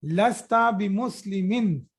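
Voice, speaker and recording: A man's voice: high voice, slow, slightly rough. A man teaching a grammar class online, repeating each phrase and praising students' answers. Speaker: Arabic teacher.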